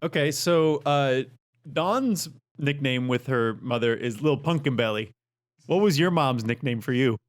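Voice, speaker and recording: A man co-hosts a casual podcast with a lively, swinging pitch. He jokes and teases as he talks. The mood is light and playful throughout. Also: unhurried, faint music behind. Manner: playful, joking. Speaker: podcast co-host. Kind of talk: casual chat.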